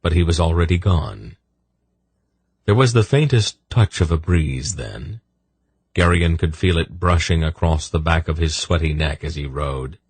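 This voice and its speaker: A man narrating a fantasy audiobook in a measured storytelling manner. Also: extremely low pitch, animated, slightly rough, no room sound. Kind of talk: scripted narration.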